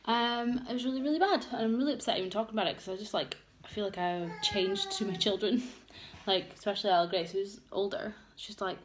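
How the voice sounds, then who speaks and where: A woman's voice: mid-range voice, quick pace, hardly any pauses. A young woman vlogging a candid get-ready-with-me chat, open and emotional, rambling with many fillers. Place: home room with children around. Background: noisy household.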